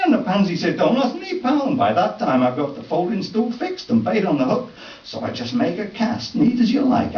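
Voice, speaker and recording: A man reading his own comic story aloud at a live event, in a wry, deadpan first-person voice with folksy dialect. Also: high voice. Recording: distant, roomy, dull live recording.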